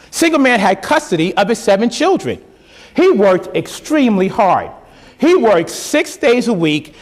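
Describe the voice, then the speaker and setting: A man giving a motivational speech to educators, emphatic and preacherly, with lots of repetition. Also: high-pitched.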